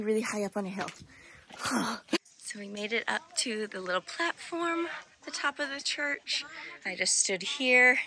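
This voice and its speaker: A young woman, chatting casually as a travel vlogger, bubbly and full of "like". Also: mid-range voice. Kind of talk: casual vlog narration. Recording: outdoor vlog with clear background noise.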